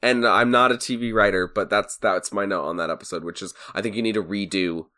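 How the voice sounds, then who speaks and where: A man's voice: fairly low pitch, a little fast, bright, forceful tone. A man co-hosting a podcast, chatting casually and analysing a series, now and then acting out characters' lines. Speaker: podcast co-host. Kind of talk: casual chat.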